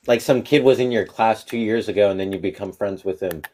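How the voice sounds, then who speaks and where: A man's voice: fairly low pitch, a little fast, darkish tone. A young man chatting casually on a stream, laid-back, laughing often and trailing off into mumbles. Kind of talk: casual chat.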